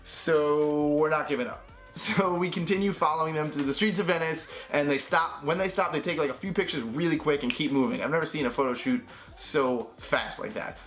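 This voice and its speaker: Animated young man telling a story. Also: a little high, a little fast, soft background music. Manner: animated, acts out quoted voices. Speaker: vlogger. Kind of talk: storytelling to camera.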